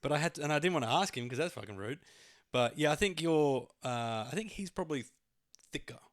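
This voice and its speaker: A man's voice: a little high, animated, fast talker. Male comedy-podcast host, easygoing, laughs often, swears casually.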